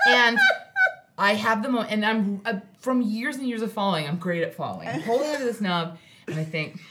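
A woman telling a story as a podcast guest in casual chat, animated and laughing often. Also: mid-range voice, moderate pace, slight background noise.

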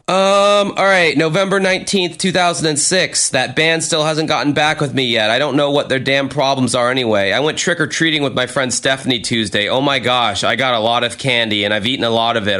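Young american guy, bright tone, reads his old diary out loud and roasts himself, swears a lot. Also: medium pitch. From United States. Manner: self-mocking, swears freely, laughs at himself. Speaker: podcast host reading old journal. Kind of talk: casual chat reading aloud.

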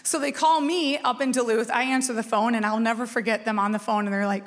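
A woman's voice: on the high side, fast talker, few pauses. Lady pastor, 40s, joking chatty sermon story, keeps asking okay, voice rings out in a big hall. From Minnesota, USA. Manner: lively, chatty, self-mocking, often checks in with "okay?". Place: church sanctuary. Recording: long reverb of a church hall.

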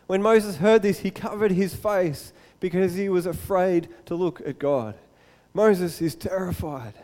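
High-voiced preacher in an echoey hall. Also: male voice, measured pace, few pauses. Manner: animated storytelling, acts out the scene. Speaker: pastor. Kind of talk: sermon.

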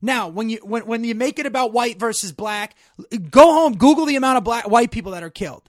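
A man with a fairly high voice talks in a casual, blunt way, swearing freely and restarting his sentences often. His voice is recorded dry and close, with little room sound. At times he heats up into emphatic ranting. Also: animated, fairly quick, no room sound. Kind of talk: casual chat.

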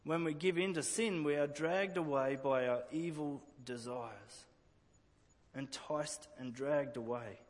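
An earnest male preacher delivers a sermon, doubling back on words as he restarts his phrases. His voice sits a little high for a man. The sound trails off in a long, reverberant tail. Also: slow pace. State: emotional at times.

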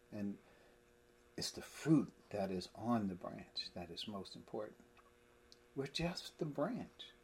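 Man, husky voice, Bible study teacher, emphatic, explains verse by verse, everyday examples. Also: on the low side.

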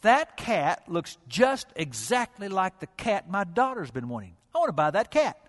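A male preacher voicing a scheming bargain hunter who talks fast and eagerly in a joke. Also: sits high, sing-song, long reverb tail.

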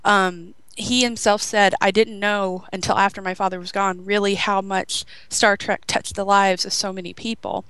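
A woman's voice: medium pitch, little pitch movement, moderate pace, few pauses, fairly bright tone, smooth, no echo, poor audio. A woman hosting a radio show in casual chat, bubbly and chatty, full of ums and restarts.

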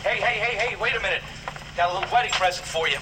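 An actor playing a good-natured sheriff who talks in an easygoing, joking way, in a noisy TV clip. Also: male voice, sits high, fast, close to an everyday voice. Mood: jovial. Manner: jokey, easygoing.

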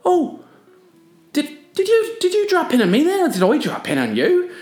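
Man putting on a squeaky baffled surfer. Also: wildly swooping pitch, moderate pace, a little mellow, echoey room, heavily acted. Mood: bewildered. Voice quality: high, airy, feigned innocent whine. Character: baffled, oblivious male surfer feigning innocence.

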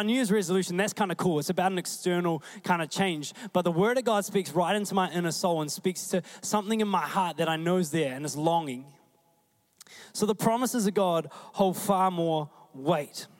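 A man with a New Zealand accent preaching a sermon in a conversational, animated way, often acting out the voices he quotes. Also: high voice.

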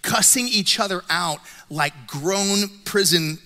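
A middle-aged man preaching with a high, bright, forceful voice. He tells stories with playful self-mocking humor. His voice rings out with the long reverb of a large church hall. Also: takes it slowly. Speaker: pastor. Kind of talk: sermon. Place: church auditorium.

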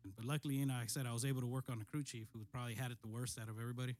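A middle-aged man and military veteran telling a story in casual conversation, steady and matter-of-fact, often clearing his throat. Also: mid-range voice, racing.

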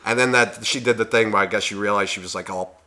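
A man's voice: on the low side, fairly even intonation, fast talker, pushed and bright. A young man co-hosting a podcast, telling a story in casual chat, rambling and swearing, with lots of fillers. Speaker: podcast co-host.

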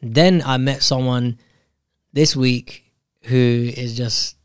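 A man's voice: medium pitch, steady tone, slow pace, clean tone, no room sound. Man, casual monologue, candid, self-reflective, restarts sentences, dry close recording. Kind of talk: casual personal storytelling monologue.

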